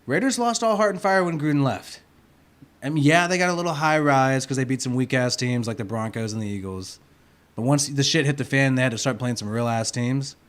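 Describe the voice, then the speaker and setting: A man hosting a casual sports livestream, rowdy and profane, swinging from loud to soft, with a sore throat. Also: medium pitch, fairly quick. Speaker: livestream host.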